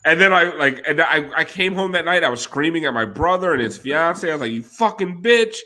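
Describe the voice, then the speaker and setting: A man's voice: on the high side, a little fast, pushed and bright. A man telling a rowdy, profane story on a casual chat show, laughing often.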